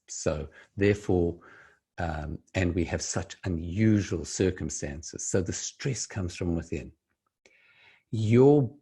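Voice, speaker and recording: A man explaining breathing in a slow, measured way, sometimes dropping to a soft, low voice. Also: breathy edge. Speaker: speaker giving breathing advice. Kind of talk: calm explanatory talk to camera.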